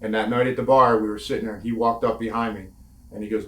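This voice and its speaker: A man's voice: lowish voice, little pitch movement, fast. A former pro wrestler telling candid, laughing stories from his career in a casual interview, swearing now and then. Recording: echoey room.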